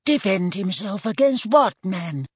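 A man's voice: a little high, big pitch swings, measured pace, dry recording, studio quality, voice pushed up. A man voicing a nervous, stiffly polite government official who turns snappish, in an audiobook. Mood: indignant. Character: fussy, indignant male government official. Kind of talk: audiobook character voice.

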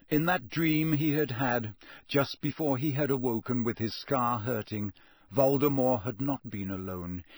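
Man narrating an audiobook, measured. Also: mid-range voice, no echo, clean studio sound. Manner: measured, steady storytelling.

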